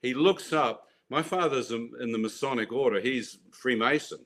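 A man telling his personal faith testimony in an animated way, acting out voices and laughing at his own story. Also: medium pitch, moderate pace.

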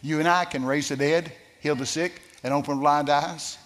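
A man preaching a sermon, telling a story with lively shifts and asking the congregation questions. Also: on the high side, moderate pace. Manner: storytelling, animated, asks the crowd questions. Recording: long hall reverb.

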